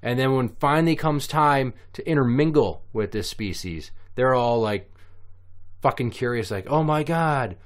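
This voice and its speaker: A man in casual podcast chat, riffing in a crude, profane, animated way. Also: medium pitch, normal speed. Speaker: podcast co-host.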